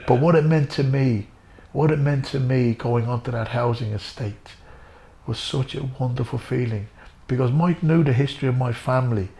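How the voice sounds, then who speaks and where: A middle-aged Irish man with a gravelly, creaky edge to his voice recounts his past in an interview. He talks earnestly, repeats key phrases, and keeps turning back to the host by name. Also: medium pitch, moderate pace, dark tone. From Ireland. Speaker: interview guest, former boxer. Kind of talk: emotional storytelling.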